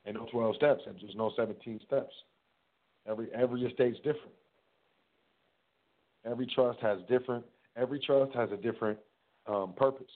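A man's voice: mid-range voice, fairly even intonation, brisk, long pauses. A man hosting a casual solo talk, rambling and repeating words as he acts out little conversations. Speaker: host. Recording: tinny phone-like sound.

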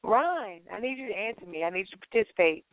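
A woman's voice: medium pitch, expressive, quick pace, no room sound. A woman hosting a casual talk show, teasing and bossily prodding her guests to speak. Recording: tinny dry phone-line sound.

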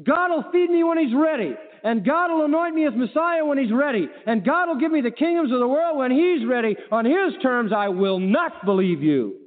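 A man voicing a firm, defiant Christ who rebukes a tempter, loud and emphatic. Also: very high voice, lively intonation, normal speed, few pauses, voice pushed up. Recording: tinny phone-like line with long reverb.

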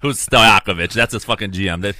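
Male co-host, swears constantly, rants with emphasis; bright, dry, close to mic. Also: lowish voice, fast talker, no echo. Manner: profane, emphatic, ranting. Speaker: podcast co-host. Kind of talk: casual sports chat.

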